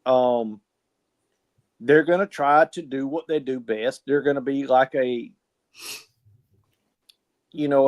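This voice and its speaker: A man in casual sports chat, brash and folksy, cursing freely. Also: fairly high pitch. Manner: brash, folksy, swears and laughs loudly. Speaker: co-host.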